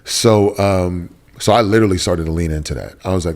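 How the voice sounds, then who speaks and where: A man's voice: deep voice, brisk, darkish tone. A man from Texas, an interview guest giving a candid, emotional personal testimony with casual slang. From Texas, USA.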